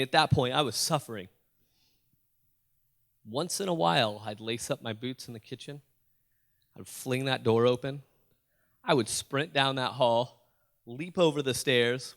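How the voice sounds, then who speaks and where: A man's voice: medium pitch, moderate pace, fairly bright tone. A man giving a motivational talk to a school audience, telling a personal story with jokes and questions to the crowd. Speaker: motivational youth speaker. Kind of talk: storytelling keynote speech. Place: school auditorium.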